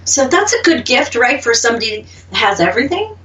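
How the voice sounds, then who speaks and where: A woman's voice: fairly high pitch, sing-song, a little fast, far from the mic, crowd noise. A woman with an Oklahoma accent co-hosting a radio show, chatting casually and laughing often. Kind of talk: casual chat.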